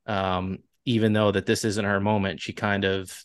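A man with a Long Island accent chats casually as a podcast co-host, steering the discussion with loose, hedging asides. His voice sits on the low side and sounds dry and close, with no room around it. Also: flat delivery, normal speed, dry recording. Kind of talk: casual recap chat.

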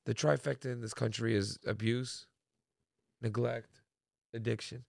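A man from Canada co-hosting a casual podcast, telling stories in a lively way and swearing freely. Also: mid-range voice, measured pace, vocal fry, no room sound, studio quality. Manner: storytelling, animated, swears freely. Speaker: podcast co-host.

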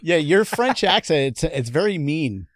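Joking host with a dry close sound. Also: male voice, on the high side, sing-song, measured pace, dry recording. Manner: joking, reads listener questions. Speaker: podcast host. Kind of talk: casual interview chat.

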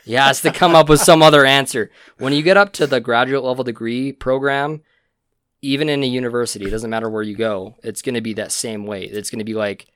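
A man's voice: mid-range voice, fairly even intonation, fairly quick, fairly bright tone, clear, resonant tone, no echo, studio quality. A young man co-hosting a casual podcast chat, a rambling storyteller who laughs at his own stories, recorded on a podcast mic. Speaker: podcast co-host.

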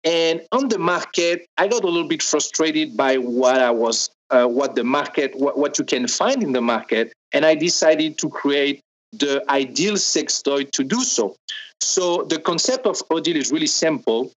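A man with a strong French accent, a native French speaker, explaining carefully as a guest in an interview and pausing often. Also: fairly high pitch, rough recording. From France. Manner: careful, explaining step by step with many pauses. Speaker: guest, sex toy maker.

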